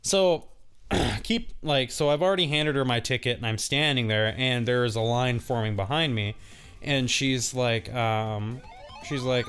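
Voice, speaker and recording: A man's voice: medium pitch, moderate pace, fairly bright tone, soft background music. A young man casually telling a rambling, laughing story, acting out the other people's voices. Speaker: co-host of a gaming channel. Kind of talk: casual storytelling while playing a game.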